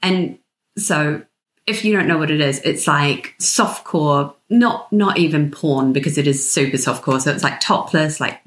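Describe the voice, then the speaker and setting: A woman's voice: deep voice, measured pace. A tired, jet-lagged woman in her thirties with a New Zealand accent, chatting frankly as a podcast guest and laughing easily. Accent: New Zealand, slightly mixed with British. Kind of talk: casual podcast chat.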